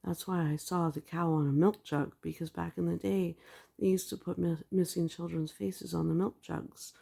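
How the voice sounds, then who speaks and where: This video blogger recounts her dreams for a religious vlog in a fairly low, gravelly voice with a dark tone and a breathy edge. Her delivery is level and moderately paced, a rambling, casual story full of "like."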